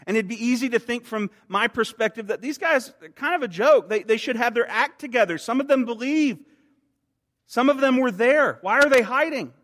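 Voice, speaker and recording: A man preaching a sermon in an earnest way, growing soft and slow on quoted words. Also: sits high, big-room sound. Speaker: pastor.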